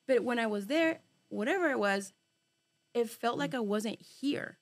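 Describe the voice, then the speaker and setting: Speaking at a normal speed in a voice on the high side, a woman shares a long personal story with a casual group. Her telling is animated, crude with swearing, heavy on fillers, and dotted with Spanish slang.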